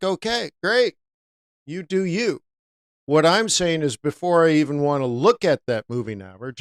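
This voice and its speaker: A man's voice: medium pitch, smooth, no echo, studio quality. A man teaching forex trading on a live stream, talking casually and answering viewers by name.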